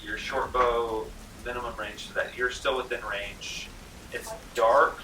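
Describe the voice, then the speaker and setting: A North Carolina man runs a tabletop game as game master in a roomy library room, chatting loosely with many fillers. His mid-range voice is steady, measured, pushed, and bright, picked up by a far-off mic with a little hiss or hum.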